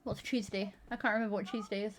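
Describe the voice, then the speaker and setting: Woman, stream host, teasing, chatty, mid pitch. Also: level tone, fast. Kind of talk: casual chat.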